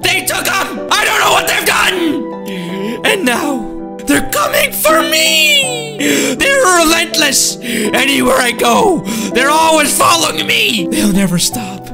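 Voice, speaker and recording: A man voicing a terrified fugitive who shouts and sobs in panic. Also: high voice, slow pace, few pauses, over music. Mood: panicked. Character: terrified man on the run, sobbing.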